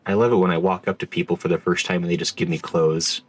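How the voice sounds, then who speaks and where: A man's voice: low voice, fairly even intonation, fast, faint music behind. A man streaming a game and commenting in a dry, sarcastic, offhand way. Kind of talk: gaming livestream commentary.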